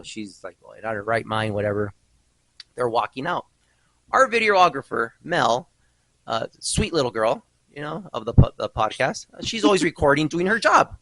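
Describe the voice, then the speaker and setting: Animated, bright-voiced man hosting a podcast. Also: medium pitch, no echo, poor audio. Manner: animated storytelling with mock outrage. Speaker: podcast host. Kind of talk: casual podcast chat.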